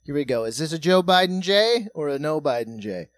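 Animated, lively comedy podcast co-host. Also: mid-range voice, fairly quick, dry recording. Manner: animated, mimics people mockingly. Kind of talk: casual comedic banter.

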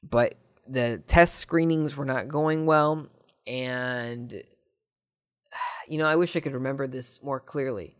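A man hosting a laid-back podcast and answering listener questions. He rambles and cracks jokes, and his voice jumps up in excited bursts now and then. It is a plain, mid-pitched male voice. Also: slow pace, smooth. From Southern California. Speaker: podcast host.

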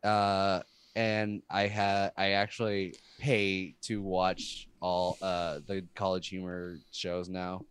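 A man's voice: low voice, monotone, slow pace. A man co-hosting a casual chat about a show, rambling and trailing off mid-sentence. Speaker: podcast co-host.

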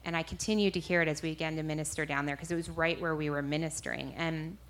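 A woman minister recounts a personal testimony to an audience. She tells it in an animated way, often restarting and correcting herself mid-sentence. Her voice sits slightly low. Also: fast. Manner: animated storytelling with frequent self-corrections. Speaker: street minister.

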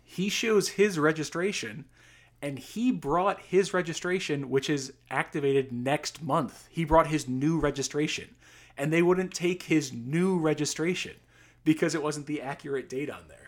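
A man's voice: fairly high pitch, unhurried. A young man casually telling a long, exasperated anecdote, acting out the people he quotes. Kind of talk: casual storytelling.

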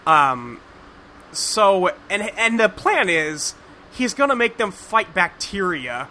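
Podcast host, male, high and bright, profane and rambling, casual chat. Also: very animated, slow pace, a little hiss or hum. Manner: rambling, profane, lots of fillers. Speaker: podcast host recapping a cartoon.

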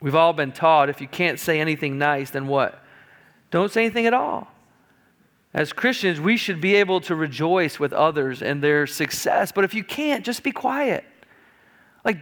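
A middle-aged man preaches to his congregation with a high, light voice, telling everyday stories in a loose, conversational way. His words ring out with the long reverb of a church sanctuary. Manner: conversational, animated storytelling preaching. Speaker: pastor. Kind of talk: sermon.

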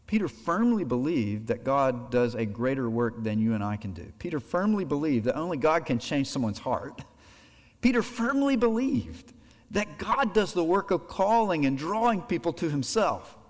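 A man preaching a sermon with lively delivery, acting out little imagined exchanges as he goes. His mid-range voice rings out with a long hall reverb behind it. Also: mid-range voice. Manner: animated preaching, acts out imagined dialogue. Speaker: pastor.

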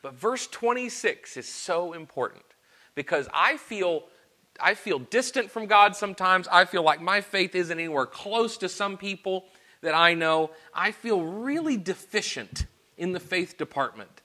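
A male preacher with a fairly high, bright and forceful voice delivers an earnest sermon. He drops into quiet, intimate confession, then builds to loud, emphatic rhetorical questions. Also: animated, measured pace.

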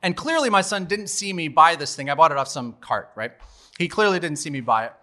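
Man, 40s, live storyteller on a stage mic; high, bright, chatty, laughs as he goes. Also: lively intonation, a little fast. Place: live storytelling show at a bar venue.

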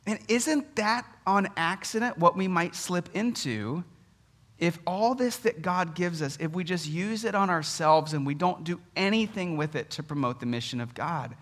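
Bright, lively male pastor preaching. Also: high-pitched, moderate pace. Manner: animated, conversational storytelling with humor. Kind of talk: sermon.

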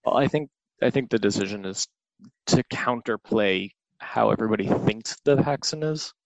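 A man's voice: fairly low pitch, moderate pace, creaky, dry recording, rough recording. A man in casual chat, speaking animatedly and acting out little quotes.

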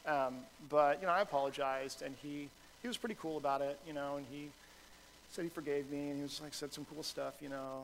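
A man's voice: a little high, steady tone, a little fast, slight background noise, low-quality recording. A man, a pastor with a son, preaching a sermon in a conversational, self-deprecating style full of fillers and restarts.

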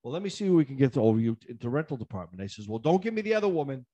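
A man's voice: rapid-fire, highs cut off. A man in casual conversation, worked up as he retells a frustrating episode. He rants animatedly, voices the people he argued with, repeats himself and restarts sentences, and his voice shoots up when he gets riled. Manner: animated ranting, jumps high in pitch when riled; acts out the other side of phone calls. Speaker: storyteller in a chat. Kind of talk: casual chat.

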